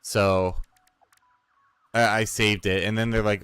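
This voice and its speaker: A man with a low voice talks casually while he plays, rambling and growing excited as he goes, with a curse thrown in here and there. Faint music plays underneath. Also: slow pace. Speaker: streamer and storyteller. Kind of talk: casual chat while playing a game.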